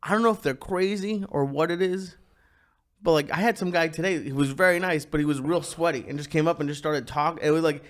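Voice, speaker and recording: A man co-hosting a casual podcast chat, excitable and quick to laugh. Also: a little high. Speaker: podcast co-host.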